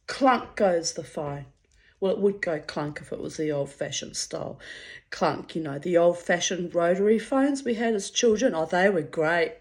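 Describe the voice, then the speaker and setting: A woman's voice: lowish voice, normal speed, a little mellow. A middle-aged woman, telling a story to her channel in a blunt, profane and dramatic way. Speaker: vlogger. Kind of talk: casual storytelling monologue.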